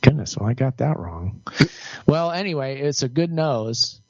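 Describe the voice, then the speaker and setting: A man co-hosting a live podcast, talking in a loose, rambling way with plenty of fillers. His voice sits at a middle pitch. The recording is dry and a little dull. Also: lively intonation, unhurried, no room sound. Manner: chatty, rambling with many fillers. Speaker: podcast co-host. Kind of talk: casual live-stream chat.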